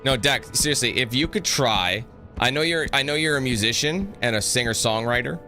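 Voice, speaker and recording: A man's voice: medium pitch, lively intonation, brisk, sharp tone, faint music behind. A man rambling and joking through casual commentary on a horror game he is playing. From North America. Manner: joking, rambling, sings snatches and does mock voices. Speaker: gaming channel host.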